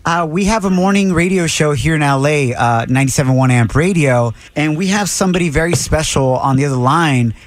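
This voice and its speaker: A man's voice: on the high side, brisk, hardly any pauses, dry recording. A man hosting a morning radio show, upbeat and friendly as he talks with callers. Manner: upbeat, friendly, hypes winners. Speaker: radio host. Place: radio studio.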